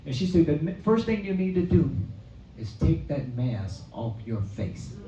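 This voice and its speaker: Giving personal testimony as a luncheon's guest speaker, this man talks at a measured pace in a high-leaning, dark voice with big swings in pitch. His storytelling takes on a preacher's cadence and climbs toward exclamations, captured distantly in an echoey event hall with dull sound and faint hiss or hum.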